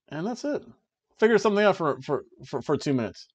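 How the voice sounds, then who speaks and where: A man co-hosts a podcast and casually recaps a wrestling show in an excited play-by-play manner, tossing in jokey asides. His voice sits at an ordinary middle pitch. The recording sounds dull and lo-fi. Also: fairly quick, husky. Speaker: podcast co-host.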